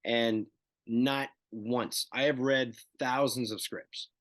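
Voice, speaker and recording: A man in his fifties, a guest actor in a casual interview, telling animated stories and acting out the dialogue. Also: medium pitch, takes it slowly, dry recording. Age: 50s. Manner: animated storyteller who acts out dialogue.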